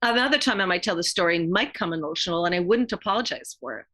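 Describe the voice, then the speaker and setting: A middle-aged woman, a yoga therapist talking as a podcast guest in an earnest, heartfelt way, often pausing and restarting her sentences. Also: on the low side, lively intonation, bright, forceful tone. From Quebec, Canada. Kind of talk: reflective podcast interview talk.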